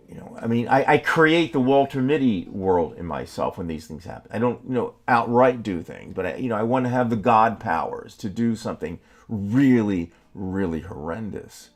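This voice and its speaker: Podcast co-host, male, low-voiced, heated and stumbling, swears freely. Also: animated. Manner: heated, halting with many restarts, swearing. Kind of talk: angry political talk.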